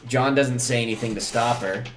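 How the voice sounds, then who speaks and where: A man's voice: medium pitch, brisk, roomy sound, soft background music. A man co-hosting a podcast, chatting casually and recapping scenes, swearing freely. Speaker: podcast co-host. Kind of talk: casual chat.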